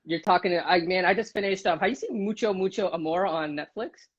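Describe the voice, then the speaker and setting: A man's voice: high voice, fairly quick. A man hosting an interview, chatting casually and enthusiastically, with lots of fillers and frequent laughter. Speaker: interviewer, host. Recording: dull, lo-fi sound.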